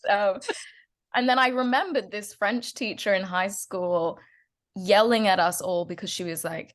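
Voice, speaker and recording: A woman's voice: medium pitch, measured pace. A woman in her twenties from Australia with an Australian accent, chatting as a guest actress and laughing often. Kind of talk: casual interview chat.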